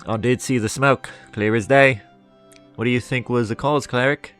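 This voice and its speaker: A man's voice: medium pitch, fairly even intonation, normal speed, fairly bright tone, clear, resonant tone, soft background music, lightly acted. A man putting on a smug orc woman agent. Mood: prying. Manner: smug, prying, mock-formal. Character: shrewd female orc guild agent.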